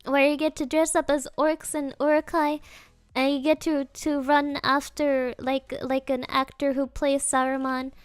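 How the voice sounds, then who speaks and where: A woman streamer with a high, girlish voice chats playfully and unhurriedly with her audience. She giggles often as she answers viewers' messages. Her voice sounds close and dry, with faint music playing underneath. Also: little pitch movement, measured pace, no room sound. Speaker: virtual streamer. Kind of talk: casual live-stream chat.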